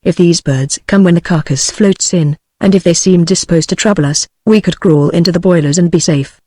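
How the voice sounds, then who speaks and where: A synthetic British English woman's voice narrating an old novel as an audiobook, with an even, steady delivery. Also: on the low side, normal speed, few pauses, no room sound.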